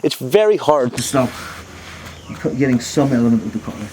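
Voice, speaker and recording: A man's voice: mid-range voice, lively intonation, fairly quick, a little mellow, slight background noise. A man teaching a jiu-jitsu class, explaining moves while he demonstrates them on a partner and often repeating words as he goes. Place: training mat, indoors.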